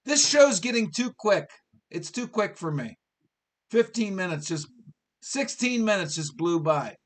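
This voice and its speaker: Fifty-something guy hosting sports talk, high voice, gets worked up and keeps asking the same questions. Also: animated, measured pace. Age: 50s. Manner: exasperated, ranting, repeats questions. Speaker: sports talk show host. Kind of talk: live sports talk rant.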